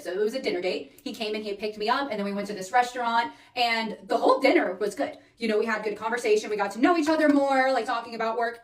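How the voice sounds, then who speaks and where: Woman, chatty storyteller, slightly high voice, roomy echo with the mic some distance away. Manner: animated, chatty, asks "all right?" and "okay?" as she goes. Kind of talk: storytime vlog.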